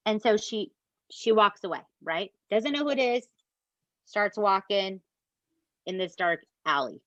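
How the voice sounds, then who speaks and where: A woman, co-hosting a podcast and retelling a true crime story in an animated, casual way that includes swearing. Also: medium pitch, a little slow, dry recording, muffled recording. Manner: animated, swears, addresses listeners as "you guys". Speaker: podcast co-host.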